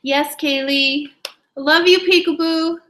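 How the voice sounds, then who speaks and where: A young woman hosting a casual live beauty giveaway stream, chatting excitedly with viewers, laughing often and trailing off mid-sentence. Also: high-pitched, slow pace, low-quality recording. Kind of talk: casual live-stream chat reading comments.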